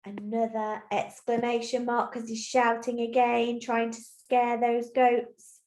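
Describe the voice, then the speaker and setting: A woman teacher giving a recorded lesson to young children, explaining clearly and patiently step by step. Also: fairly high pitch, completely flat delivery, takes it slowly, a little mellow. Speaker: primary school teacher. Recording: roomy echo.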